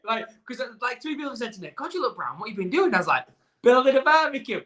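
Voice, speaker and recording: A man's voice: very high-pitched, very animated, rapid-fire, pushed and bright. A man, co-hosting a podcast in casual, chatty talk, telling stories and laughing often. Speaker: podcast co-host. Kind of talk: casual chat.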